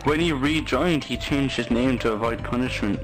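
A man's voice: mid-range voice, normal speed, soft background music, poor audio. A man from London in casual game voice chat, exasperated and scolding. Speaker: player in online game voice chat.

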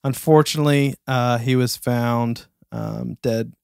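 A man's voice: mid-range voice, steady tone, unhurried, vocal fry, darkish tone, smooth, no echo. A man from Florida co-hosting a podcast, telling news stories in a hesitant, filler-heavy way. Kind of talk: casual chat.

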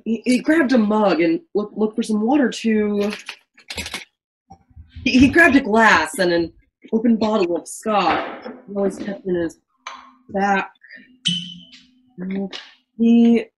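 A woman narrates an amateur virtual stage play in a campy, melodramatic reading, often tripping over lines and starting again. Her voice is of ordinary pitch. A faint hiss sits under her home recording. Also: measured pace, long pauses, low-quality recording. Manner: melodramatic reading with frequent slips and restarts.

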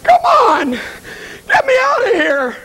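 A man voicing a damned soul in hell calling out frantically to a friend, crying and shouting. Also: extremely high pitch, huge pitch swings, takes it slowly, voice pushed up, exaggerated voice, rough recording. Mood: frantic calling.

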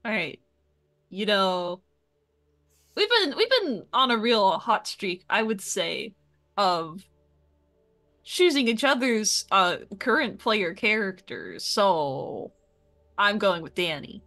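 A woman's voice: mid-range voice, big pitch swings, slow pace, pauses often, fairly bright tone. A woman player in a tabletop game, chatting playfully with giggles. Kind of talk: casual chat.

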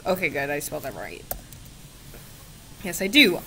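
A young gaming creator with a lowish, expressive, creaky voice talks at a measured pace, leaving long pauses; her tone is fairly bright and there's slight background noise. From her laptop at home she chats with a chatbot on camera, sarcastic and giggly, acting exasperated and swearing often.

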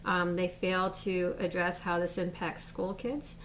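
A woman's voice: lowish voice, little pitch movement, a little slow, a bit bright, a little hiss or hum. Distant-sounding American woman, rambling. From United States. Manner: rambling, with many fillers and restarts. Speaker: mother speaking out. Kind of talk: casual spoken statement.

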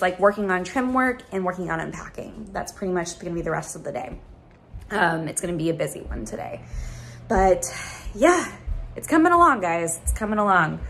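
A young woman chatting casually in a home vlog, rambling with fillers as she talks through moving into a house. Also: fairly low pitch. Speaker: vlogger. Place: house being moved into.

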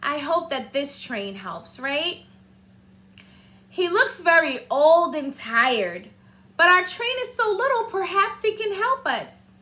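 A woman teacher reads a storybook aloud to young children, animated and stopping often to ask them questions. Her voice is very high and bright, and she reads at an unhurried pace. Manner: animated, asks the listeners questions.

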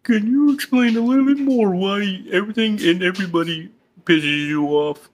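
Brief: man as a polite, measured therapist with a high voice. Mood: calm. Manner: calm, formal, patient, then exasperated. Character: patient male therapist, older. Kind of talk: comedy skit.

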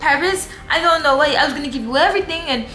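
A woman's voice: high-pitched, lively intonation, fast, sharp tone, pitched above the performer's own voice. A woman voicing a whiny, entitled rich man who pleads and pouts. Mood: whiny, hurt. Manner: whining, pleading. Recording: echoey room, faint music.

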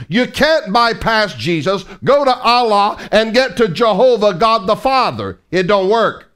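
A man's voice: sits high, very animated, a little slow, few pauses, fairly bright tone, smooth. A middle-aged man preaching a fiery sermon as an evangelist, emphatic and mocking, full of rhetorical questions.

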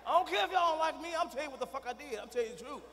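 A middle-aged man doing a profane stand-up comedy routine on a big arena stage, dropping from low muttering to shouting. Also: animated, very fast, slight background noise. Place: large arena stage with audience. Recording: live hall recording with reverb.

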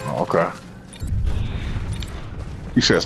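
A man's voice: medium pitch, lively intonation, normal speed, over music. A man teasing his friend in casual banter while playing a video game. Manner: teasing, playful trash talk. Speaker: gamer streaming with a friend. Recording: voice chat over game audio with clear noise.

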